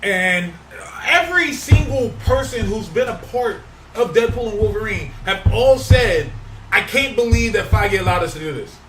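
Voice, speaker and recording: High, lively man in casual chat. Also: moderate pace, faint music behind. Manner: loud, emphatic, repeats lines for effect. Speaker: podcast co-host. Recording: roomy, distant mic with faint noise.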